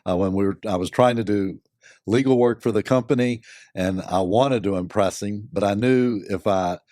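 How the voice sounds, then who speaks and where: An older man, a company board member and lawyer, giving measured, thoughtful answers with many pauses and fillers. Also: on the low side, mellow, dry recording, clean studio sound. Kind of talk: reflective interview answers.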